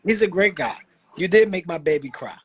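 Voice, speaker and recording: A man hosting a live stream from home, roasting a friend in fast, excitable banter. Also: high-pitched, low-quality recording. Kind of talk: joking banter.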